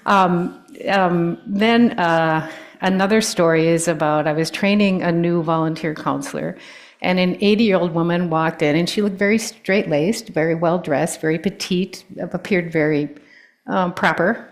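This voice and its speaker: A woman, an older guest speaker giving a personal talk with stories, often pausing with ums and restarting sentences. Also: fairly low pitch, fairly even intonation. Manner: warm storytelling, with frequent ums and restarts.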